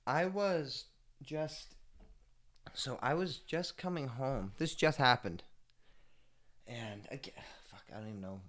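Male podcast host, mid-range pitch, loose rambling delivery, cusses freely, drifts from mumbles to loud outbursts. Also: slow pace, long pauses. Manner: rambling, profane, storytelling; laid-back, swings between mumbling and loud. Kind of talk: casual solo podcast chat.

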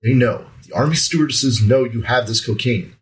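A man's voice: mid-range voice, normal speed, natural voice, low-quality recording. A man reading aloud and voicing a stern older gunslinger who speaks telepathically, in a curt, commanding manner.

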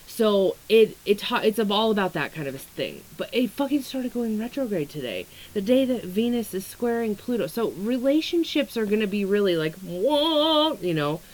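A young woman with a slightly low-pitched voice chats candidly to her audience. Her talk is loose and rambling, peppered with swearing and fillers as she jumps between topics. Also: poor audio. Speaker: astrology content creator. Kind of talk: casual vlog about weight struggles and astrology.

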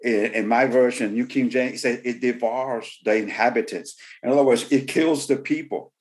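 A man's voice: mid-range voice, fairly even intonation, normal speed, a little mellow. A man preaching a sermon, repeating key phrases for emphasis and often saying "you know.". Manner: frequent "you know" fillers. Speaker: pastor.

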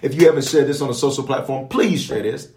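A bishop leads an online prayer that shifts into Bible teaching, his medium-pitched, darkish voice moving fast in a reverberant space. He preaches in an emphatic, repetitive cadence, issuing prophetic declarations and addressing his viewers directly.

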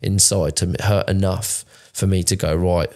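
A man in his thirties tells his story in a raw, unpolished way, often breaking off and restarting sentences. His voice is very low, with a rough, gravelly fry. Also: steady tone, normal speed, a little mellow. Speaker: podcast co-host. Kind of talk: candid conversational storytelling.

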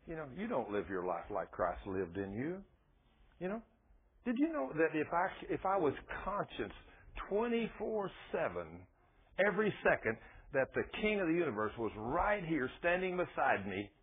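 A man preaching a sermon, telling homely stories and playing out both sides of each conversation. His voice is a little husky and swoops up and down with animated pitch. It comes through thin and narrow, like a phone-line radio broadcast. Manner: folksy storytelling, acts out dialogue.

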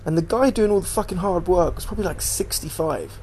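A man's voice: high-pitched, fairly quick, a little mellow, slight background noise. A man hosting a casual solo podcast, rambling and swearing as he animatedly retells what he watched on TV. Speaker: podcast host.

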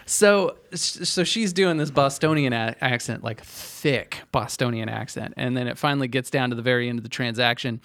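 A man hosting a casual podcast and telling a story in a loose, rambling way, full of fillers. His voice sits at an ordinary middle pitch. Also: brisk, few pauses, no room sound. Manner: animated storytelling, many fillers. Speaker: podcast host. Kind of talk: casual chat.

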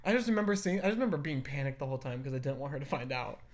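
A young woman hosting a casual chat, telling stories in an animated way and swearing freely. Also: a bass voice, rapid-fire. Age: young adult. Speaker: podcast host.

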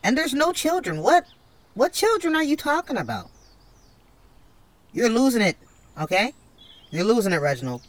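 A woman's voice: on the high side, sing-song, moderate pace, pauses often, no echo. A woman complaining bluntly and in exasperation in a comedy sketch. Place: outdoors.

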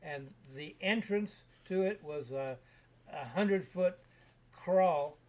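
A man in his seventies, an interview guest, telling rambling caving anecdotes in a relaxed, casual way with frequent restarts. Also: sits high, slow. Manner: rambling, self-repeating anecdotes. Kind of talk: casual storytelling.

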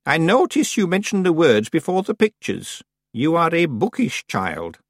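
Ancient stern witch woman, put on by a man, raised voice, slow formal delivery, husky edge. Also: a little high, wildly swooping pitch, no echo, studio quality, voice pushed up, exaggerated voice. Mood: stern, precise.

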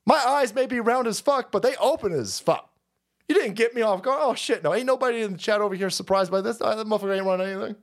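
A man's voice: sits high, fast talker. A man hosting a livestream, ranting about politics in a profane, rambling way and laughing often. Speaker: livestream host.

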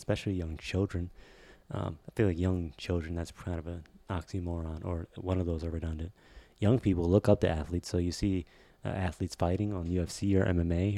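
Man, podcast co-host, casual chat, low gravelly voice, rambling restarts. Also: warm tone, dry recording. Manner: rambling, hesitant, many restarts.

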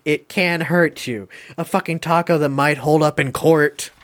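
A man's voice: fairly high pitch, measured pace. Profane, rambling man chatting casually. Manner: rambling, profane, laughs often. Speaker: podcast host reviewing a film. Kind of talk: casual podcast chat.

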